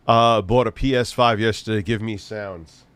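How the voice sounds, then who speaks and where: A man's voice: fairly low pitch, a bit bright, clear, resonant tone, no echo. A man hosting a livestream, rambling through casual chat with crude, profane jokes and frequent restarts. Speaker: livestream host.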